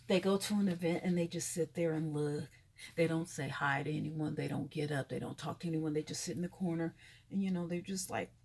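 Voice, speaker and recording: Fifties woman with a husky voice delivering an indignant, animated casual commentary. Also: mid-range voice. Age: 50s. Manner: animated, indignant, drops to whispers for asides. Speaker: vlogger.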